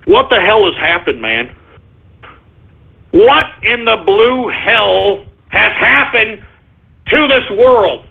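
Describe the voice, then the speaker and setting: A man hosting a talk radio show, ranting angrily with shouting and profanity. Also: high-pitched, lively intonation, slow pace, gravelly, long pauses. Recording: tinny phone-like lo-fi.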